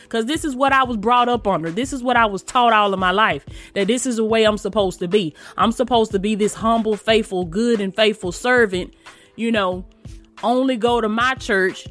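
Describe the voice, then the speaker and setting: Casting: woman preacher, higher voice, fervent and colloquial, faint music behind. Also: a bit bright. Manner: emphatic, repetitive, addresses listeners as "you guys"; colloquial, drops into "ain't" and "okay?". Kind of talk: informal online sermon.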